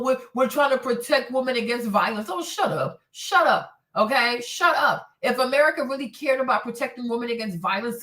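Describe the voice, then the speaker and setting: Woman host, heated streaming rant, high bright voice, lots of swearing and repetition. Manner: indignant, swears a lot, repeats phrases. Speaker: host of a streaming commentary show. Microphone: streaming setup mic.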